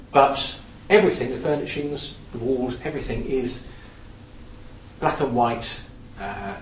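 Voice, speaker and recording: A man giving a lively, anecdotal talk in a lecture-style storytelling manner. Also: medium pitch. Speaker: speaker on theatre history. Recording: echoey room from some distance, faint background noise.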